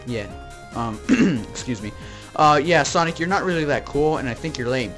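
A hyper, jokey toy reviewer from Texas who rambles through a comedic review with plush skits. the voice is bright and sharp, and the pitch swings all over the place. faint music plays under the talking. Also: lively intonation, moderate pace. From Texas, United States.

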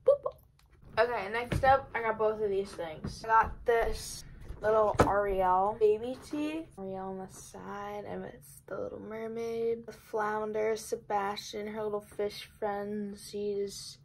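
A young woman chatting casually through a clothing try-on haul, bubbly and rambling, talking fast. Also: mid-range voice, steady tone, a little hiss or hum, rough recording. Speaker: fashion vlogger.

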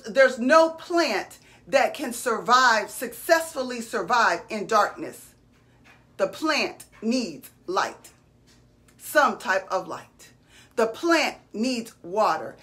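Slow, high-voiced woman preaching. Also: a bit bright. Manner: call-and-response preaching, repeats phrases for emphasis. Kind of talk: sermon.

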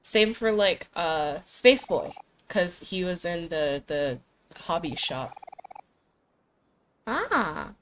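A woman's voice: on the low side, big pitch swings, very slow, long pauses, noisy background. A young woman streaming a game, joking to herself and reading dialogue aloud. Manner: playful, joking asides to herself. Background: faint game music.

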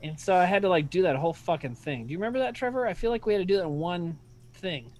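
A man's voice: high-pitched, animated, fast. A man with a Midwestern accent hosting a casual stream chat, rambling and swearing freely while poking fun at himself. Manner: rambling, profane, self-deprecating. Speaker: streaming show host.

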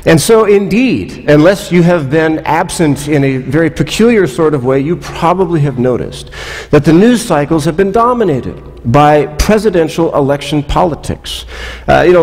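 A man's voice: on the high side, a little mellow, big-room sound. A man pastor preaching a sermon in a church, telling stories with wry asides in a conversational way. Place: church sanctuary.

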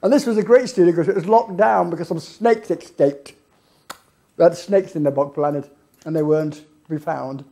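On stage in an event hall, a keynote guest tells anecdotes and laughs often along the way. His voice is on the high side, gravelly and warm, and he speaks at a moderate pace.

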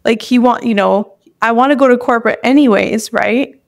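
Young woman on a podcast telling a story, kinda emotional, says like a lot, higher voice. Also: normal speed, gravelly. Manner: emotional, tearful at moments, lots of "like". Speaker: podcast guest. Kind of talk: personal storytelling in a podcast interview.

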